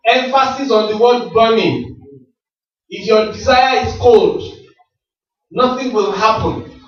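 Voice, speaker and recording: A man's voice: very high-pitched, takes it slowly, long pauses, fairly bright tone. A man giving a motivational talk at a business rally, with a preacherly way of asking the audience questions and answering them himself. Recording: very echoey hall, distant mic, dull sound.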